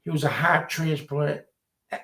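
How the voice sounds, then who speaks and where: Gravelly-voiced man telling stories. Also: fairly high pitch, moderate pace. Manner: animated, acts out quoted voices. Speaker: storyteller. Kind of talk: casual chat.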